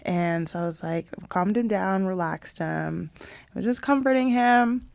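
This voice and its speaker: A woman's voice: medium pitch, measured pace, creaky, a little mellow, dry recording. A young adult woman co-hosting a podcast, candidly telling a personal story in casual chat and quoting her child. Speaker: podcast co-host.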